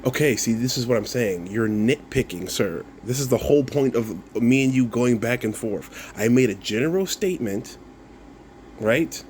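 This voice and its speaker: A man's voice: mid-range voice, animated, normal speed, a little mellow, a little hiss or hum. A content creator, a man, replying to viewer comments in a casual rant, mocking and swearing, breaking into laughs and repeating himself.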